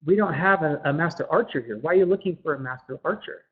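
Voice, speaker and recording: A man voicing a calm, fatherly elderly villager. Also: on the high side, quick pace, slightly rough, phone-quality sound. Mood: patient. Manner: calm, fatherly, addresses him as son.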